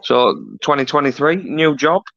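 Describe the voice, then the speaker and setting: A man's voice: a little high, lively intonation, moderate pace, fairly bright tone, no echo. A man chatting as a guest on a live stream, hesitant and full of "uh" and "um" fillers. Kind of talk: casual chat. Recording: dry, muffled lo-fi audio.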